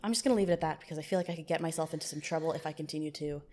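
A woman with a somewhat low voice hosts a casual chat. She asks questions and teases her guest in a dry, deadpan way. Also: very fast. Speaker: host.

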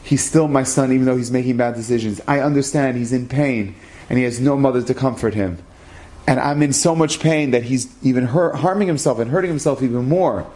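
A man's voice: mid-range voice, fairly quick, a little mellow, natural voice. A man voicing a stern, grieving middle-aged father in a told story, with a heavy, pleading manner.

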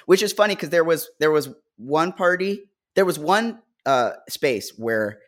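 An American co-host on a podcast telling wry anecdotes in casual chat. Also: male voice, on the high side, expressive, a little slow.

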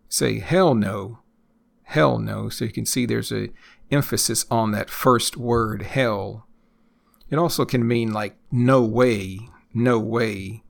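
A man hosting an English-learning podcast lesson, speaking slowly and repeating phrases for learners. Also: medium pitch, creaky. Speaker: English teacher and podcast host.

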